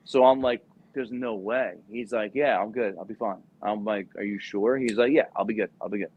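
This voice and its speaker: With a husky, low-leaning voice at a moderate pace, a young former Marine recruiter delivers a casual, profane story, animatedly acting out the voices of its characters. The recording is dull lo-fi podcast audio.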